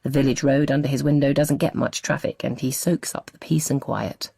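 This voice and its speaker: Very deep-voiced woman narrating. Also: brisk, creaky, breathy edge, no echo, studio quality. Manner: expressive storytelling. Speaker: audiobook narrator. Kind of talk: scripted narration.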